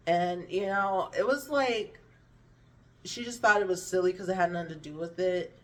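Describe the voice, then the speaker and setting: A woman vlogger tells personal stories candidly to camera in a lowish, fairly bright voice at normal speed. Hungry, she slurs her words a little, swears often, and lets her meandering thoughts trail off before restarting. She sits somewhat back from the mic, with slight background noise.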